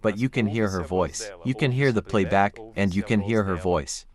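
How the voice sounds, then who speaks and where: A man, a classical bass singer, calmly explaining vocal technique step by step while reacting to a live performance. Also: moderate pace, crowd noise. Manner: calm, explanatory, walks through vocal anatomy step by step. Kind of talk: reaction commentary analysing singing technique.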